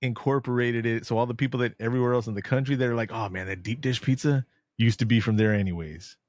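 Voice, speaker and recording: A man's voice: medium pitch, steady tone, quick pace, darkish tone, dry recording. A man from San Antonio, co-hosting a casual podcast chat, blunt and ranting, swearing freely. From San Antonio, Texas. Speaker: podcast co-host.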